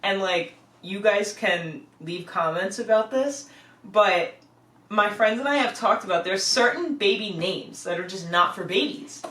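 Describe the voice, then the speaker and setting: A young woman co-hosts a casual podcast, talking in an animated, rambling way full of fillers. She sits a bit back from the microphone, and the room echoes around her. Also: medium pitch, measured pace, far from the mic. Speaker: podcast co-host. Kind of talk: casual chat. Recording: echoey room, away from the mic.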